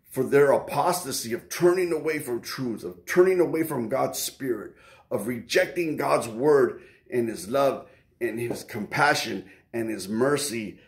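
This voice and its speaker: Emphatic man preaching in an echoey room. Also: medium pitch. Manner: emphatic, conversational, acts out quoted prayers. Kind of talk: informal sermon.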